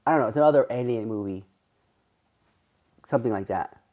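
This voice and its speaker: Casual male streamer, mid pitch, gossipy and rambling, chatting to viewers live. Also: brisk, darkish tone. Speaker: livestreamer reading chat. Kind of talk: casual livestream chat.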